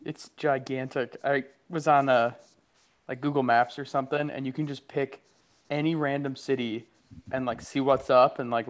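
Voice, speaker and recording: A laid-back man in casual podcast banter, at a middle pitch. He talks loosely and laughs easily. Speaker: podcast co-host. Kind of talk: casual comedic chat.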